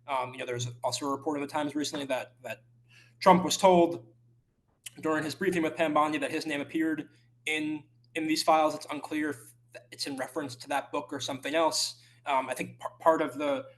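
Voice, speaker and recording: A male journalist answering interview questions over a remote call, halting and careful with many restarts and fillers. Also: fairly high pitch, fairly bright tone. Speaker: journalist guest.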